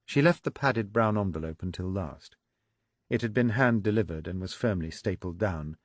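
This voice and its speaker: A man narrates a political thriller audiobook, telling the scripted story in a measured, even manner. His voice is lowish, and the recording is dry and studio-clean.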